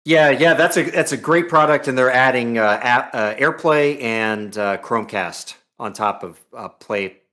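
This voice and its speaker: A man's voice: medium pitch, normal speed, few pauses, bright, forceful tone. A man talking as a podcast guest in casual chat, easygoing with many fillers. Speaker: guest, reviewer.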